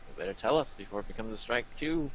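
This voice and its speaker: A man playing a tabletop game, making brisk jokes. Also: lowish voice, animated, rough recording. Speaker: player. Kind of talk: casual play chat.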